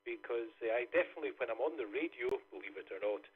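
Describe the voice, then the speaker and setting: A Scottish man, a ham radio operator, chatting on air and slowing his speech on purpose to be understood. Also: medium pitch, expressive, breathy edge. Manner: deliberately slowed, careful delivery. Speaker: amateur radio operator checking in. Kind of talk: casual radio chat. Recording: tinny radio transmission.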